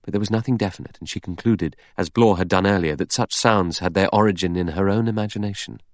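A man narrates a novel in a low, deep voice. His delivery is measured and deliberate. The recording is dry and close. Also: no room sound. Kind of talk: audiobook narration.

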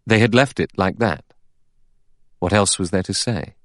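Deep-voiced male audiobook narrator. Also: dry recording, clean studio sound. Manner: measured, steady reading. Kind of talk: scripted narration.

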